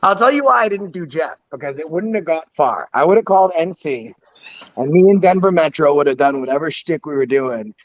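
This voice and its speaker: A man's voice: fairly high pitch, lively intonation, brisk, no room sound. Man retelling prank calls, lo-fi sound. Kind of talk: casual storytelling banter. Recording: dull lo-fi audio.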